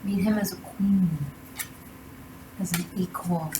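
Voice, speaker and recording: Woman tarot reader with a lower voice, blunt and emphatic, recorded in an echoey room with clear background noise. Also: fairly even intonation, slow pace. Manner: blunt, emphatic advice-giving. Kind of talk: tarot reading monologue.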